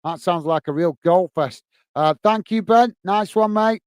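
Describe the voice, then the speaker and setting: A man hosts a casual football live stream and reads out viewer messages one by one. His voice sits fairly high and comes through smooth and close on a dry mic. He thanks everyone warmly and calls each viewer "mate". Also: measured pace, no room sound. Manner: friendly, repeats thanks and "mate" often. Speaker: football fan channel host reading live chat.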